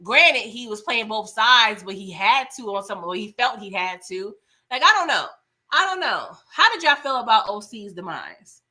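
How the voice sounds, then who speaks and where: A woman hosting a casual live-stream TV recap, animated and laughing as she talks back to the characters. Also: a little high, normal speed. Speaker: TV recap host.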